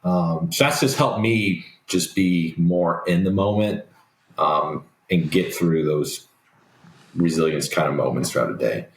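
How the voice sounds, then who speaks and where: A young man talking as a guest on a remote call, in a relaxed, reflective way with frequent ums. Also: low-pitched, unhurried. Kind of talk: casual interview talk. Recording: roomy remote call audio.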